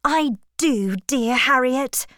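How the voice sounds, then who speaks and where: Woman doing a calm proper young lady in an audiobook, careful, slow, dry sound. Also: fairly high pitch, no room sound, pitched above the performer's own voice. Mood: earnest. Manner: measured and careful. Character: composed, careful young gentlewoman giving advice.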